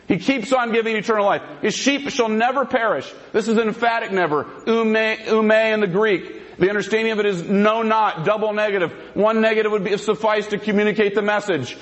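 A man's voice: sits high, a little fast, highs cut off. A man giving a formal debate presentation, emphatic and repeating his key points.

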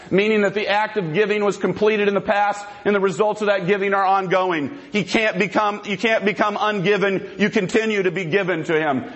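A man with a notably high voice argues his case in a formal debate. He speaks emphatically and hammers home each point by repeating it. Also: rough recording.

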